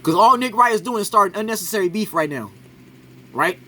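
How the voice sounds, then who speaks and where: A man's voice: high-pitched, animated, brisk, a bit bright. A man giving an argumentative reaction commentary on a sports clip, keeps asking "right?" after his points.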